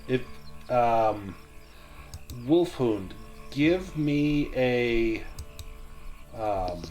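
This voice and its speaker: A man narrating as game master of a tabletop game, relaxed and quick to laugh. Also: medium pitch. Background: faint music.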